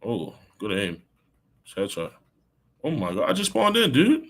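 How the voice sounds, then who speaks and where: A young man, a college football player, chatting casually on a live stream while playing a game, excitable and talkative. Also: mid-range voice, a little slow. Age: young adult.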